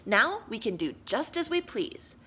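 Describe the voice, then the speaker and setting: A class of excitable schoolchildren from a children's storybook, voiced by a woman reader. The voice is very high and squealing with big, bouncy swings. It is loud and bright. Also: unhurried, slightly rough, heavily acted. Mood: gleeful.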